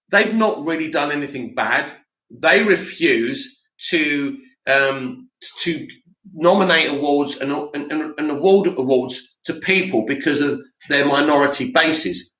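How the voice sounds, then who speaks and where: A man hosts a live stream and fires off blunt, opinionated takes in reply to his chat. His voice sits a little high and sounds sharp and forward, and the room around him is echoey.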